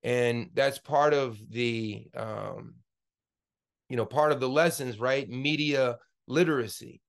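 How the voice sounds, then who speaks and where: A man's voice: medium pitch, takes it slowly, creaky. A man in his forties giving an online class lecture as the instructor, impassioned and rambling, with many fillers and restarts, into a computer mic on a video call. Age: 40s.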